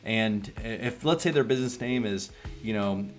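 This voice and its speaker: A man with a Southern US accent explains sales tactics in a relaxed, rambling, drawling way. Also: on the low side, moderate pace, soft background music. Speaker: online business coach. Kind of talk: casual sales tutorial.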